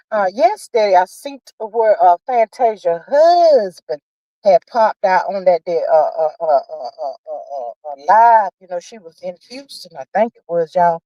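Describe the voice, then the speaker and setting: A woman hosting a casual livestream, chatting about celebrity news in a sassy, drawn-out way and calling viewers honey and child. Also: medium pitch, expressive, mellow, no room sound, lo-fi sound. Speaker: livestream host. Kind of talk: casual gossip chat.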